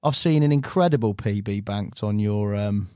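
A man's voice: fairly low pitch, normal speed, mellow, smooth, dry recording, clean studio sound. A man from England hosting a podcast, chatting in a joking, matey way. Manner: matey, jokey, lots of "mate". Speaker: podcast host. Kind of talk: casual podcast chat. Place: podcast studio.

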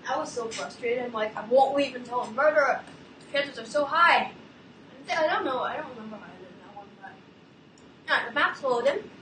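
A woman YouTuber giving gameplay commentary, excitable, with dramatic exclamations and groans. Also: sits high, noisy background. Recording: roomy, distant mic.

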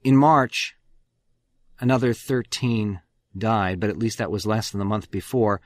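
A man's voice: fairly low pitch, fairly even intonation, measured pace, no room sound, studio quality. A man hosting a radio history program, telling the story with emphatic, swelling stresses on key words. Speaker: radio host.

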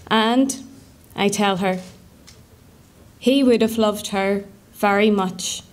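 A woman from Northern Ireland with a Northern Irish accent, reading a prepared tribute to her late father in an earnest, measured way. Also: mid-range voice. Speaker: speaker remembering her father.

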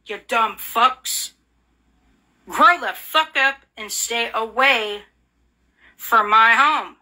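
A woman's voice: fairly high pitch, extremely slow, sharp tone. A woman in an angry, profane rant, hurling repeated insults and accusations. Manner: furious, profane, repetitive insults; bitter, accusing.

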